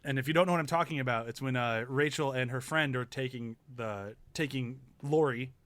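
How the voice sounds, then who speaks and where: A man hosting a casual podcast chat, animated and laughing often as he acts out scenes. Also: mid-range voice, brisk, no room sound. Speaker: podcast host.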